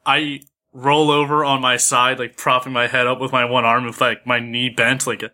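A man's voice: medium pitch, flat delivery, normal speed, sharp tone. A man playing a tabletop game, joking and acting out playful poses. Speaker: player. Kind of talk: tabletop role-play, casual.

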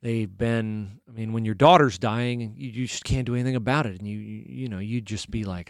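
A middle-aged man with a lowish voice talks through a devotional reflection for his podcast. He sounds earnest and thoughtful, pausing often with fillers as he works out what he means. The recording is dry and close, with no room sound. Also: vocal fry, no room sound. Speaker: podcast host. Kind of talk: casual devotional podcast talk.

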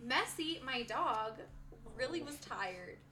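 Bright-voiced young woman chatting. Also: sits high, animated, slow, slight background noise. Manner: chatty, reacting and interjecting. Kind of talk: casual chat.

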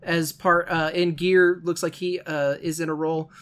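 A man's voice: fairly high pitch, little pitch movement, normal speed, a bit bright, clear, resonant tone. A man co-hosting a casual podcast, rambling in a self-deprecating, nitpicky way. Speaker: podcast co-host.

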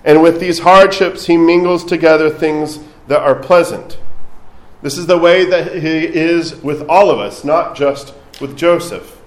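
A man's voice: a little high, fairly even intonation, unhurried, reverberant, poor audio. A man preaching a sermon as a priest, speaking conversationally and adding light asides.

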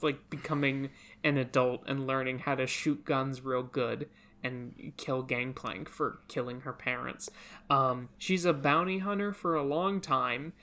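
A woman's voice: low voice, a bit bright. A woman in her late twenties, co-hosting a casual podcast, sarcastic and full of "like" fillers and swearing. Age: 20s. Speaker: podcast co-host.

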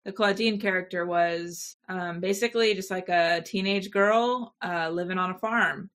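A woman's voice: fairly low pitch, normal speed, fairly bright tone. A woman co-hosting a podcast, chatting casually and frankly about a film, swearing freely and saying "like" a lot. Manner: frank and profane, heavy use of "like". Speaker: podcast co-host. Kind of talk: casual film review chat.

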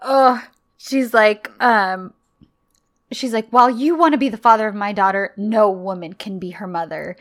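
A woman chatting casually as a co-host, retelling scenes with lots of laughter and acting out the lines. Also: normal speed. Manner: animated, laughs often, acts out quoted lines in lower voice. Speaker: podcast co-host recapping a drama series.

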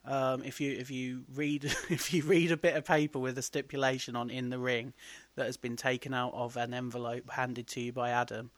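A man's voice: mid-range voice, flat delivery, moderate pace, hardly any pauses, no echo. A man co-hosting a casual wrestling podcast, joking dryly and laughing often. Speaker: wrestling promoter and podcast co-host.

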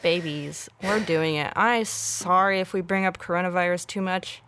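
A woman's voice: lowish voice, fairly even intonation, a bit bright, clean tone. Giggly playful female podcast co-host. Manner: giggly, playful, quick short reactions. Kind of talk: casual chat.

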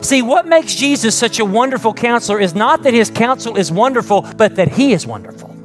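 A middle-aged pastor preaches in a very high-pitched, very animated, brisk voice over soft background music. In a church with a live congregation and an online stream, his conversational sermon uses rhetorical questions, climbs to emphatic peaks, and then settles into a soft, prayerful ending.

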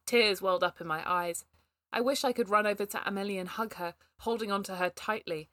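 A woman co-writer reading a shared story aloud, giggly and animated, often breaking into laughter. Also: mid-range voice, brisk, no room sound.

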